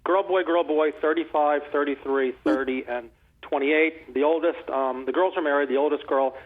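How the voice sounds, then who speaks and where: A man in his sixties, a guest author, telling stories in a rambling, animated way full of restarts. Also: on the high side, moderate pace. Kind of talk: casual conversational storytelling. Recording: phone-like narrow line.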